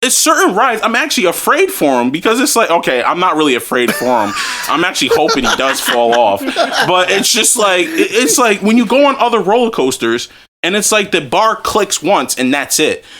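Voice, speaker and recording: A young man hosting a podcast, telling a story in casual chat, animated and profane, often breaking into laughs. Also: high-pitched, moderate pace, over a noisy crowd. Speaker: podcast host.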